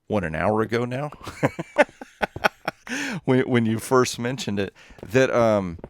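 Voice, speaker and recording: A man with a Southern Texas accent talks casually through a gaming livestream, his voice sitting a little low. He rambles through stories and stops to read viewer messages aloud and answer them. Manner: rambling, chatty, reads viewer chat aloud. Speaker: streamer.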